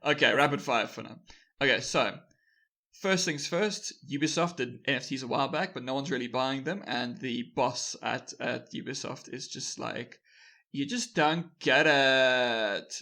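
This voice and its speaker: Guy cohosting a podcast, rambly and laid back, middle pitch, laughs a lot. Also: moderate pace, creaky. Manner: relaxed, rambling, laughs easily. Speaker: podcast co-host. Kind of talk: casual news chat.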